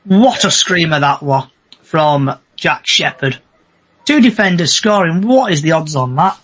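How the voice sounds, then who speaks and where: A man's voice: a little high, animated, unhurried, a bit bright. A man hosting a casual football podcast, chatting and reading out match stats in bursts. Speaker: podcast host.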